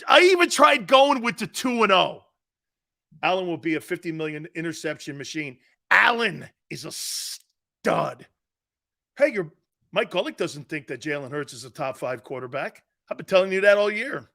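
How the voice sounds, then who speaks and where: A middle-aged man hosting a sports talk show, brash and jokey, loud and given to repeating himself. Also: a little high, creaky.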